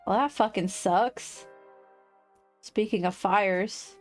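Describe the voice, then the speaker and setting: A woman livestreaming casual chat, rambling and quick to laugh. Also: medium pitch, faint music behind. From United States.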